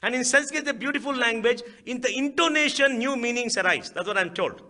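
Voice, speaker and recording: A middle-aged man with an Indian English accent speaks at a lecture hall, his voice sitting high for a man and sounding sharp and forceful. He drives his points home with rhetorical questions and repeats key phrases for emphasis. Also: lively intonation, fairly quick. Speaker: guest speaker. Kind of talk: public speech.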